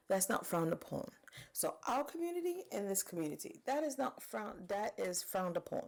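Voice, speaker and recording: A woman in her forties giving animated, chatty reaction commentary and talking straight to her viewers. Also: medium pitch, moderate pace, vocal fry.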